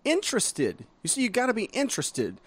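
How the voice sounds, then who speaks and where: A male pastor talks casually with a co-host. His pitch rises and falls freely as he jokes and explains. When he reads a quote, he slows down. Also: husky. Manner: animated and playful, reads quotes slowly. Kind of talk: casual podcast chat.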